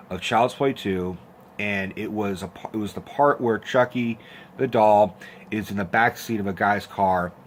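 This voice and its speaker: A young man with a fairly low voice rants casually about his past, swearing freely and jumping into squeaky impressions as he tells the story. Faint room ambience sits behind him. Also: a little hiss or hum. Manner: animated, profane, acts out quotes with squeaky voices. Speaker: host of a horror film rant channel.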